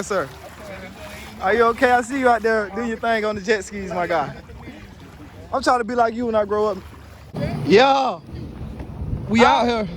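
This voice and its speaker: A man in his twenties casually vlogging outdoors by the water, playful and joking. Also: very high voice. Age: 20s. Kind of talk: casual vlog chat. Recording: loud music playing.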